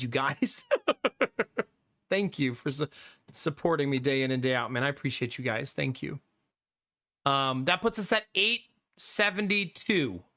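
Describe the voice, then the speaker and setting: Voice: mid-range voice, sharp tone, no room sound, clean studio sound. A streamer chatting casually with viewers on a live stream, laughing often and thanking supporters.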